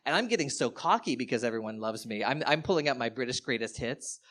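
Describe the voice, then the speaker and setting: A man performing standup comedy live, animated and self-mocking, with swearing. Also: mid-range voice, fast talker.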